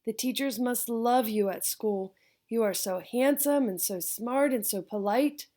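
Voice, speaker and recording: A woman voicing a warm, affectionate older grandmother with a thick Spanish accent, in an audiobook. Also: fairly high pitch, unhurried, lightly acted. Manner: gentle, affectionate, laughing.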